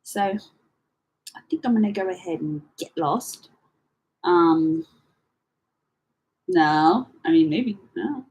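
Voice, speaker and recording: A young woman chatting casually to camera as she sorts through her files, rambling and swearing with slangy, animated talk. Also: lowish voice, slow, long pauses, slightly rough, rough recording. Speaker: vlogger.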